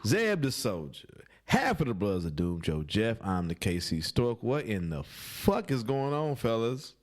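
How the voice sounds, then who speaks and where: Male podcast host, lively swooping delivery, profane banter, quick to mimic and laugh. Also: lowish voice. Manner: animated, laughing, profane, does mocking voices. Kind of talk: casual comedic podcast banter.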